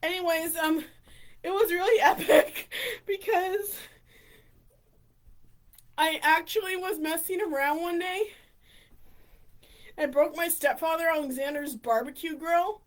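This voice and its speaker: A woman vlogger telling funny stories in an excitable, rambling way, giggling and restarting often. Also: very high-pitched, a little slow, pauses often. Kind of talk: casual storytelling.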